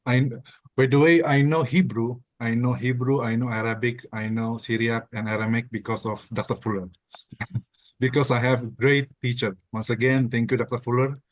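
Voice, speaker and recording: A man's voice: mid-range voice, steady tone, moderate pace, no echo. A man, a former student, earnestly giving heartfelt thanks to his teacher. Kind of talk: formal thanks.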